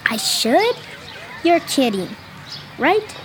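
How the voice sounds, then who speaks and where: Pouty little girl, high and whiny, bouncy pitch, family audio drama. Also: sing-song, drawn-out words, a little hiss or hum, heavily acted. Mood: sulky. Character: young girl, hurt and sulky at her brother.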